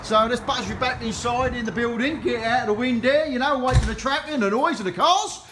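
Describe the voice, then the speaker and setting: A man's voice: extremely high pitch, brisk, noisy background. A middle-aged man from London with a Cockney accent, chatting jokily as he walks through an auction preview and keeps tagging "right?" onto his sentences. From London, England. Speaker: auctioneer giving a preview tour. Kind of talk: casual walk-through chat. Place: auction building, walking indoors.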